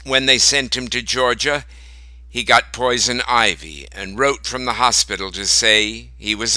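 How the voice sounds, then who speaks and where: Slow, sharp-voiced male storyteller. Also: mid-range voice, dry recording, low-quality recording. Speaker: narrator. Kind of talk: reading a short story aloud.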